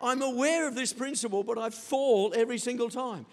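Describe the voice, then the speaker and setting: With an extremely high-pitched voice and a fairly quick pace, an older pastor delivers his sermon through lively storytelling, performing the quoted lines as if playing each part.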